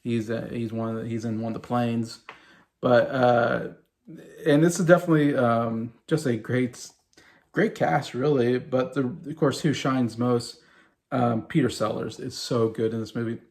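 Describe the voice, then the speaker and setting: A man in his late thirties talks casually, rambling with plenty of fillers and restarts. His mid-pitched voice carries a gravelly fry. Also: fairly even intonation, measured pace, darkish tone. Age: late 30s. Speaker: movie review vlogger. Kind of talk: casual chat.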